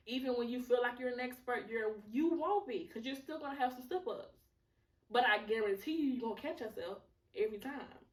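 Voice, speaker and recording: A woman's voice: fairly high pitch, roomy sound, distant mic. A woman hosting a podcast, telling a personal testimony in a candid, emotional way, swearing freely and using many fillers. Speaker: podcast host.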